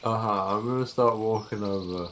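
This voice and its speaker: A man's voice: lowish voice, moderate pace, noisy background. A man in a tabletop game, quizzical and joking, asking questions in a laid-back way. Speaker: player. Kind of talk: casual tabletop chat.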